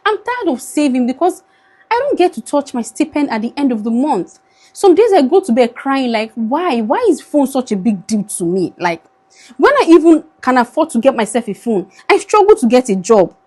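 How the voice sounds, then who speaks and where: A young Nigerian woman with a high voice talks into her phone camera in an emotional vlog. Her Nigerian accent colours every line as she pleads in a tired, worn-down way, moving between English and Pidgin. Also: darkish tone. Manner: pleading, weary, switches into Pidgin. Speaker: vlogger.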